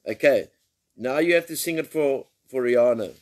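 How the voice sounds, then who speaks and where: Hosting a playful live-stream chat, a man ribs his guests and trades banter, laughing a lot along the way. He speaks at a moderate pace in a mid-range, slightly mellow voice.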